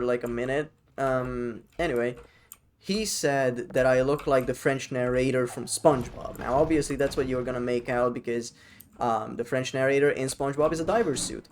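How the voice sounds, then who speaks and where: Guy streaming a game, rambly and sweary, mid pitch, slight hiss behind. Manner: rambling, swears freely, answers chat. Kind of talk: casual live-stream chat while gaming.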